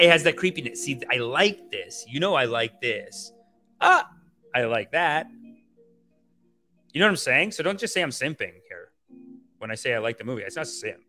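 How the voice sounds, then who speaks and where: A man hosting a podcast, chatting casually and reacting to a film trailer in an animated, profane, rambling way. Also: mid-range voice. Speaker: podcast host.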